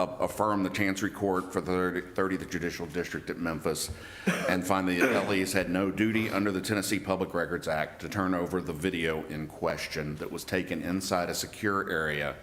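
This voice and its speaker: Low-voiced attorney in an echoey courtroom. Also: male voice, fairly bright tone. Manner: measured, emphatic about word choice, with occasional restarts. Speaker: attorney for the appellee. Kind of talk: appellate oral argument.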